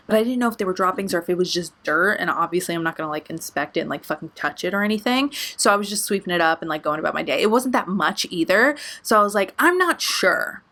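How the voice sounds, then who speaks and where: A woman's voice: fairly low pitch, a bit bright. A young adult woman vlogger telling a story in a casual way, swearing a lot and using many filler words. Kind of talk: storytime vlog.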